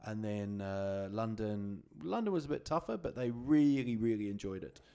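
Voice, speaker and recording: A male comedian chatting as a podcast guest about his gigs, relaxed and hesitant with many ums. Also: lowish voice, normal speed, creaky, clean tone. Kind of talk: casual podcast chat.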